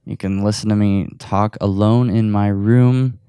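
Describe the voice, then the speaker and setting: Recording from his room at home, this man hosts a casual solo podcast as he games, speaking in a warm, clear, resonant voice that sits on the low side. His delivery is unhurried with fairly even intonation and no room sound. He jokes at his own expense, laughs a lot, and seems slightly winded.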